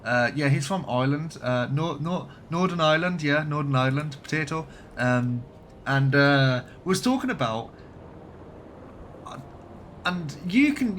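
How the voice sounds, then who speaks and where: A man's voice: on the high side, lively intonation, measured pace, fairly bright tone, slight background noise. A man from Birmingham with a light Birmingham accent, chatting casually and swearing now and then while live-streaming a game. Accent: light Birmingham English. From Birmingham, England.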